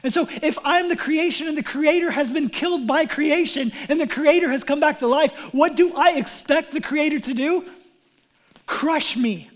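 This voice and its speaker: A male pastor preaching an Easter sermon, animated, acting out quoted lines and dropping to near whispers. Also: very high-pitched, normal speed.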